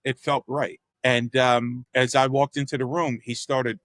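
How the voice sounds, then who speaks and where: A Philadelphia-area artist and real estate developer, appearing as a guest, tells stories candidly in conversation, animatedly acting out the voices of people in them and using mild profanity. His voice is medium-pitched and measured, with no echo.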